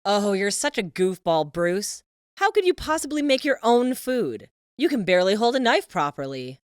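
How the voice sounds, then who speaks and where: A woman's voice: mid-range voice, very animated, normal speed, no echo, clean studio sound, close to an everyday voice. A woman voicing an overbearing, scheming middle-aged mother who talks in a cloying, possessive, sing-song way. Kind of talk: animated story voice-over.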